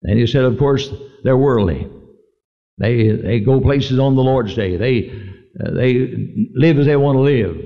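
A man's voice: medium pitch, measured pace, gravelly. A man preaching a sermon, telling stories and rising to emphatic points, on a dull old recording with a long echo. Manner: preaching with swells of emphasis and storytelling.

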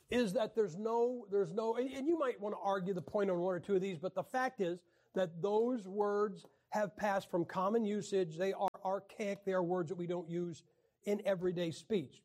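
A man teaching a Bible class in a folksy, joking way, often clearing his throat and restarting his sentences. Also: high voice, a little mellow. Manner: frequent throat clearing and restarts, jokey asides. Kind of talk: folksy teaching talk with jokes.

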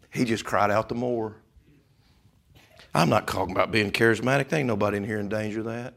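A man preaching a sermon, swinging from loud shouting to hushed whispers. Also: on the low side, a little fast, gravelly. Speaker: pastor.

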